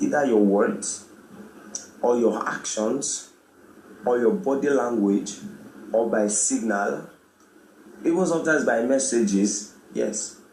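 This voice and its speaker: A man, presenting a radio talk on communication and acting out the greetings he quotes. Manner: animated, acts out quoted greetings with rising pitch. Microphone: studio microphone. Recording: echoey room, faint background noise.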